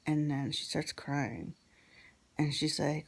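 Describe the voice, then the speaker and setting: Low-voiced woman telling a story. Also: slow, gravelly, husky. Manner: rambling with many fillers, drops to a whisper. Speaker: vlogger. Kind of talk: casual storytelling.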